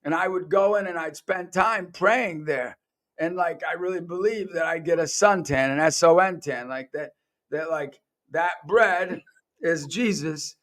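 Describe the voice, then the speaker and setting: A man's voice: fairly high pitch, a little slow, fairly bright tone. A man hosting a podcast, telling personal stories in an earnest, conversational way and acting out the voices of the people he quotes. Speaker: podcast host.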